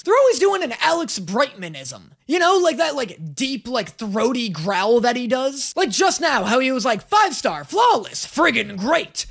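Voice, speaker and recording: A casual reaction-video host riffing sarcastically between clips and swearing freely. The delivery is animated, with the pitch swinging up and down a lot. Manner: sarcastic, profane, quick asides.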